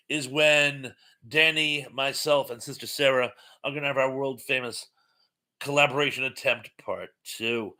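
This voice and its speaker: A man's voice: a little high, sharp tone. A man hosting an impromptu live stream. He reads viewer comments aloud and chats loosely, with plenty of ums and uhs. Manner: rambling and chatty, with frequent ums and uhs. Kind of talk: casual live chat reading viewer comments.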